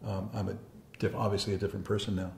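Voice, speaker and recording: A man's voice: deep voice, level tone, fast talker, gravelly, darkish tone, reverberant, slight background noise. A man who once led encounter groups, recalling the past in a rambling, heartfelt and apologetic way, restarting his sentences often. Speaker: former encounter group leader. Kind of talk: reflective personal recollection.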